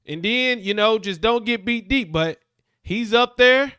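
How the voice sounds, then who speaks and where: Man, sports host, emphatic, slangy, very high pitch, clear smooth voice. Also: bright, forceful tone, dry recording, studio quality. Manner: emphatic, slangy, drawn-out repeats. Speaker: podcast host reacting. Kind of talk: casual sports commentary.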